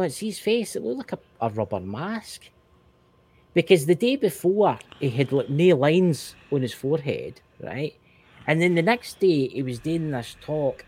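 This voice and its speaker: A Scottish man co-hosting a casual podcast chat, animated and swearing, repeating himself when worked up. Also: a little high, husky. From Scotland. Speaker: co-host.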